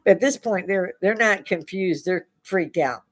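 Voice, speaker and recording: A woman's voice: medium pitch, moderate pace. A woman hosting a casual chat, telling spooky stories and laughing often as she goes. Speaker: host. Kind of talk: casual storytelling.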